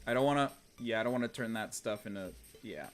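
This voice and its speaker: A young man commentating a video game stream, exasperated and talking to himself, swinging from low muttering to loud outbursts. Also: fast, slight background noise. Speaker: gaming streamer. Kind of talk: let's play commentary.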